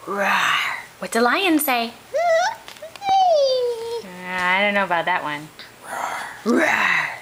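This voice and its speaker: A woman's voice: medium pitch, very animated, slow, long pauses, noisy background. A woman talking to her toddler in a home video, asking coaxing sing-song questions. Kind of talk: home video baby talk.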